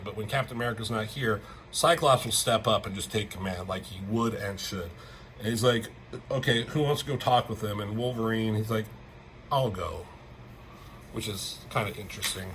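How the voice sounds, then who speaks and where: A man's voice: medium pitch, a bit bright, slight background noise, rough recording. Chatty man reviewing comics, swearing freely. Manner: chatty, swears freely, acts out character lines in a raised voice. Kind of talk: casual chat.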